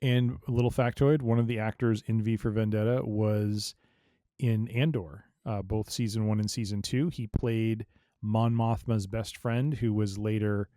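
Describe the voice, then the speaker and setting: A man's voice: on the low side, steady tone, a little slow, warm tone, no echo, clean studio sound. A man co-hosting a podcast, chatting casually with wry, joking asides. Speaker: podcast co-host. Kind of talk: casual chat.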